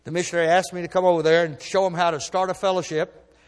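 Folksy preacher in a hall. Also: male voice, sits high, flat delivery, fast talker. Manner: folksy storytelling, swings from soft asides to loud emphasis. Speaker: pastor. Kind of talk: sermon.

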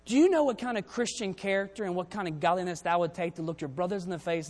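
High-voiced preacher in a reverberant hall. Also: male voice, quick pace, hardly any pauses, darkish tone. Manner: reads King James verses aloud, then explains them conversationally. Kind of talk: sermon with scripture reading. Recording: long reverb of a church hall.

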